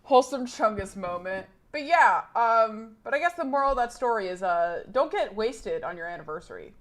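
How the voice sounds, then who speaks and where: A young woman streamer telling a story to her chat in an animated, laughing way, swearing freely. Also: on the high side, moderate pace.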